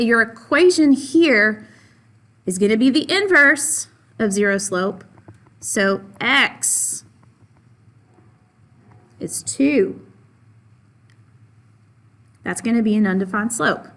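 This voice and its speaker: A woman's voice: a little high, slow, long pauses, a bit bright. A woman teaching a math lesson, patiently stressing and repeating key points and answering her own questions for the class. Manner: asks questions of the class and answers them herself.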